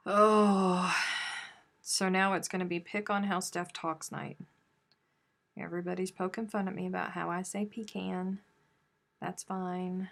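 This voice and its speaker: Woman host, low and gravelly voice, chatty and teasing live stream banter. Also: level tone, unhurried, long pauses, a bit bright. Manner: chatty and teasing, reads comments aloud. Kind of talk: casual live stream chat reading viewer comments.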